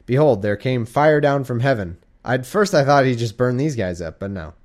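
A drowsy, sleepy man reads scripture in a warm room at home, his mid-range voice lively in intonation at a moderate pace. He treats the Bible casually and irreverently, breaking off for joking asides and mock-dramatic quoted voices.

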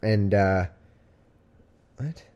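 A man's voice: lowish voice, extremely slow, mellow, highs cut off. A man hosting a live stream, reading scripture aloud and breaking off into wry, sarcastic, rambling asides. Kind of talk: casual scripture reading with commentary.

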